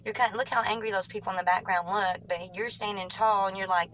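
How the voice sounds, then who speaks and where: A woman with a Southern US country twang, reading tarot cards for viewers in a fast, rambling way, often correcting herself mid-sentence. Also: medium pitch, fairly even intonation, a bit bright, a little hiss or hum, low-quality recording. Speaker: tarot reader.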